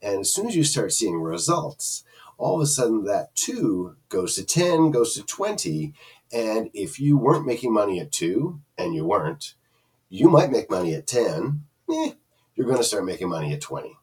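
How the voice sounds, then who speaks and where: Casual reviewer, low lively voice, chatty and meandering, recorded slightly distant from the mic. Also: male voice, moderate pace, husky. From Canada. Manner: rambling, chatty, many fillers and restarts. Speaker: product reviewer. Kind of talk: casual screen-share review.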